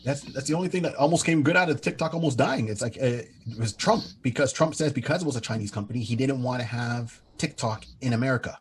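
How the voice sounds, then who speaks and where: A middle-aged man co-hosting a podcast, an animated storyteller who acts out quotes in casual chat. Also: mid-range voice, fast, hardly any pauses, slight background noise. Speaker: podcast co-host.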